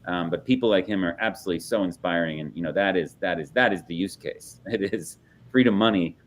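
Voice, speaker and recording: Low-voiced man chatting loosely. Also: a little fast, a little hiss or hum. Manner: loose and conversational, many fillers. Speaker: Bitcoin nonprofit organizer. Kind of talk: casual panel chat.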